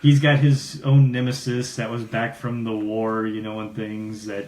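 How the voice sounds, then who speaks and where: A man co-hosting a podcast, explaining comics in a relaxed, meandering way. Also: on the low side, unhurried, far from the mic. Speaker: podcast co-host. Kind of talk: casual chat about comics. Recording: roomy room, faint noise.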